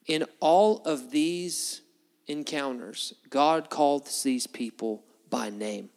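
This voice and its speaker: A man's voice: slow pace, gravelly, a little mellow. Man preaching in a reverberant hall. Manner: storytelling, acts out biblical dialogue with shifting pitch. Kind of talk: sermon.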